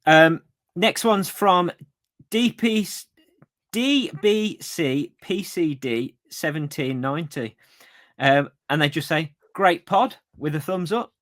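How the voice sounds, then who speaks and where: A man's voice: on the high side, slow, a bit bright. A man co-hosting a running podcast, easygoing and agreeable, reading listener comments. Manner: easygoing, agreeable, frequent yeahs. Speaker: podcast co-host.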